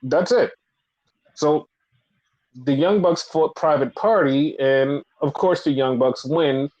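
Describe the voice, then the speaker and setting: Man, podcast co-host, casual chat, profane, repetitive rant, fairly high pitch. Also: takes it slowly, a little mellow, lo-fi sound.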